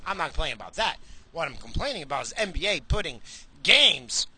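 Man, middle-aged, from the states, driving, profane rant, sharp bright tone, swings up and down in pitch. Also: racing, husky, poor audio. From United States. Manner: animated, swearing, self-mocking. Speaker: vlogger. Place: in a car while driving.

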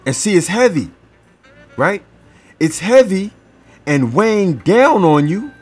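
A man hosting a podcast, giving a slow, encouraging motivational talk and leading a breathing exercise, repeating his words. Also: sits high, very animated, darkish tone, husky, soft background music. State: gasping for air at times. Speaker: podcast host.

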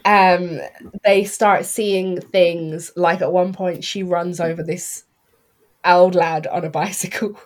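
Chatty woman with a low voice. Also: steady tone, slow pace. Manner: chatty, laughs often, many ums. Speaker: podcast co-host. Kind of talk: casual film discussion.

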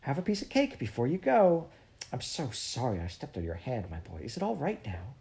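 A man doing a shrill, scolding grown woman. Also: huge pitch swings, fairly quick, gravelly, mellow. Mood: gushing kind. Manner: shrill, scolding, then gushing. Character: bad-tempered middle-aged woman turned kindly.

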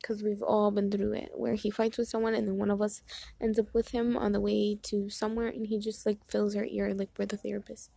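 A woman's voice: medium pitch, level tone, fairly quick, vocal fry, dark tone, no echo. A young woman in casual chat, telling a rambling, exasperated story and acting out other people in quoted asides. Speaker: vlogger.

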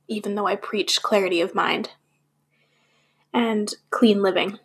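A woman's voice: medium pitch, gravelly, husky. A woman speaking candidly to her viewers, questioning herself and swearing now and then. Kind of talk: candid personal talk to camera.

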